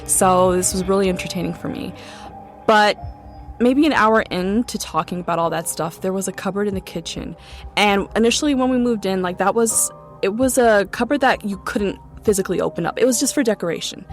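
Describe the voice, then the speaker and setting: A woman's voice: mid-range voice, fairly quick, faint music behind. A young woman casually recounting a true ghost story in a chatty way, full of "like" and "um" fillers. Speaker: guest storyteller.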